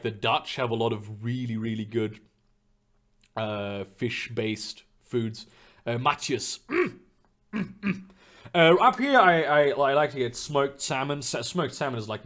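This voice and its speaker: A man's voice: medium pitch, a bit bright. A young man chatting casually on a live stream from his room, rambling and swearing freely with lots of fillers and restarts. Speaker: streamer reading chat. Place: home room.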